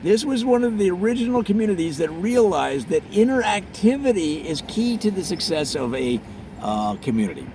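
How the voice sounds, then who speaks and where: A man hosts a mock tour, telling absurd tall tales with animated, storytelling energy. His voice sits high and swoops up and down with wide, lively swings. A faint hiss of noise sits under the voice. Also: normal speed. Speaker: comedic tour host. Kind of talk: deadpan parody travelogue.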